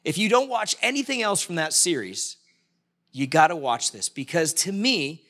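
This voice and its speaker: Man, pastor, high voice, conversational sermon, asks the room questions. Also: expressive, moderate pace, pushed and bright. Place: church, live-streamed service.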